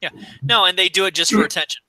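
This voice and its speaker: A man with a high-pitched voice, talking bluntly and with plenty of swearing as co-host of a casual podcast. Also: fast talker, pushed and bright, dry recording, poor audio. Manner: profane, blunt, acts out quoted exchanges. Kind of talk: casual chat.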